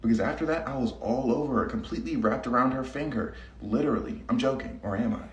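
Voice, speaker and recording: Fast-talking blunt young man. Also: mid-range voice, reverberant, a little hiss or hum. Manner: blunt, slangy, matter-of-fact. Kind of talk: casual monologue on dating tactics.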